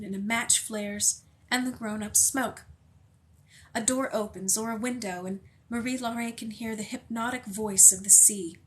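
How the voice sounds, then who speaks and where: A woman reading a novel aloud in a measured, unhurried way, slowing on vivid passages. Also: on the high side, slight background noise, rough recording. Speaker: audiobook reader.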